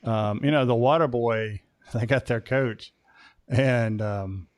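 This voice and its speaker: An American man hosts a casual podcast chat, talking at a middle pitch. He rambles, restarts his sentences and leans on fillers. The sound is close and dry, with no room around it. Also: takes it slowly, no room sound. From United States. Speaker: podcast host.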